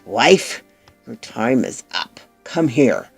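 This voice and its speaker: A deep, hoarse, menacing nobleman who kills his wives, put on by a woman storyteller. He draws his words out slowly with a rough, gravelly edge. The delivery lands low and threatening, in the manner of a spoken storybook. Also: lively intonation, darkish tone, soft background music, exaggerated voice. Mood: shouting. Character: menacing nobleman wife-killer, cold and threatening. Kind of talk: storybook narration with acted voices.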